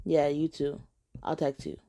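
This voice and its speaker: A woman voicing her young boyfriend, a defensive and dismissive young man, with a flat, offhand, slightly lowered voice. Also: unhurried, gravelly.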